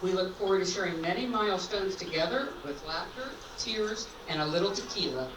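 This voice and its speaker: A woman's voice: lowish voice, lively intonation, brisk, recorded from a distance. A middle-aged woman giving an earnest, sentimental toast as the groom's mother. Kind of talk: heartfelt wedding toast. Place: banquet hall at a rehearsal dinner. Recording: echoey hall recorded from afar, background noise.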